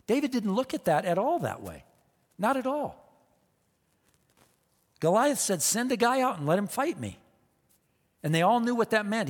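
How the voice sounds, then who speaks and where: A man's voice: on the high side, in a large hall. A man preaching a sermon, emphatic and repetitive, firing off rhetorical questions to the congregation. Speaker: pastor.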